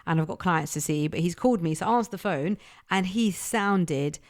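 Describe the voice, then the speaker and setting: A woman's voice: fairly low pitch, brisk. A woman in her thirties co-hosting a family podcast, talking in a reflective, matter-of-fact way. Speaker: podcast co-host. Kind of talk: casual chat.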